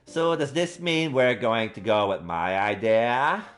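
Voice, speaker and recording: A man's voice: mid-range voice, lively intonation, measured pace, a bit bright. Male streamer doing a teasing young woman, playful, raised voice.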